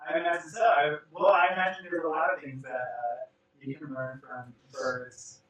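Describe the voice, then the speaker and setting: A man voices his character in a tabletop game, measured and polite. His voice is bright and pushed, and he sounds set back from the mic in a roomy space. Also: a little high, little pitch movement, far from the mic. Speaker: player. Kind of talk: in-character tabletop role-play.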